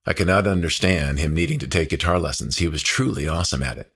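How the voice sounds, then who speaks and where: A man's voice: a bass voice, fast talker, hardly any pauses, a bit bright, breathy edge. A man narrating his own memoir as an audiobook, in a heartfelt, reflective storytelling manner.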